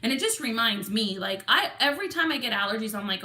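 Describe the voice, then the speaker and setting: A woman's voice: a little high, expressive, fast talker, sharp tone, reverberant. Chatty Texan woman livestream host. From Texas. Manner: chatty, reads viewer comments aloud and counts numbers. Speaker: lottery scratch-off livestream host. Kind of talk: casual livestream chat.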